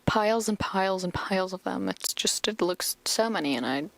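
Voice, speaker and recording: Chatty young woman with vocal fry. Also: mid-range voice, animated, moderate pace, no room sound. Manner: rambling, lots of fillers, chatty. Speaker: podcast host. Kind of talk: casual episode recap.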